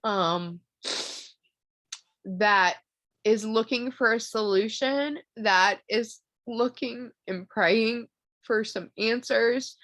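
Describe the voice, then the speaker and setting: A woman's voice: on the high side, drawn-out words, a bit bright, no echo. Earnest woman on a dry video call. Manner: earnest, emotional, rambling with fillers. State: tearful, voice breaking. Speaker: team leader. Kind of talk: motivational video call talk.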